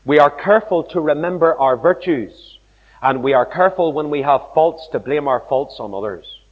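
A male preacher giving an animated sermon, telling stories and acting out the voices of the people in them. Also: fairly high pitch, moderate pace, phone-quality sound. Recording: long hall reverb.

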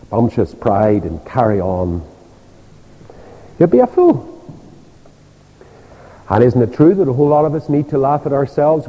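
An older man with a Northern Irish accent preaching a sermon, telling stories animatedly and acting out the voices of the people in them. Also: on the high side. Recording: dull reverberant church hall.

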